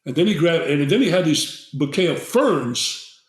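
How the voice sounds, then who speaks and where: A man's voice: on the high side, animated, moderate pace. An older man, a guest, telling a long story with many fillers and restarts. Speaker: guest herbalist. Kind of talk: storytelling in conversation. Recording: roomy echo.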